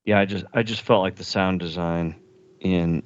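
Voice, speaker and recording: A man co-hosting a podcast, chatting about films in a halting way full of restarts and fillers. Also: deep voice, fairly even intonation. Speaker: podcast co-host. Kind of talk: casual film discussion. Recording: dull lo-fi audio.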